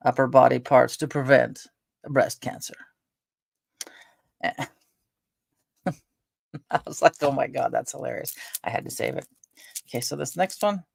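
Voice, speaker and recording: Older woman, casual rambling vlog chat with a raspy fry, close and dry. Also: a bass voice, darkish tone, no echo. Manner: rambling, chatty, with frequent fillers. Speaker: vlogger.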